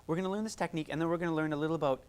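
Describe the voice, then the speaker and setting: A woman music therapist leads a workshop, chatting encouragingly with a group, demonstrating vocal sounds and laughing often. Her voice is deep, clear and resonant, a little mellow, and she races along.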